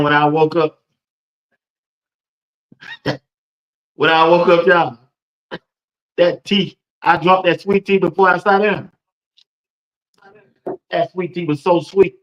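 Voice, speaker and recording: A man hosts a casual live-streamed sports talk show. He talks loosely and chattily and speaks to viewers in the chat by name. His voice sits a little high, and the stream audio sounds dull and lo-fi. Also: a bit bright.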